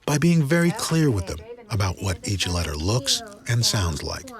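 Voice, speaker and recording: A man narrating a documentary segment in a clear, explanatory scripted delivery. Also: lowish voice, sing-song, normal speed. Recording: loud background music.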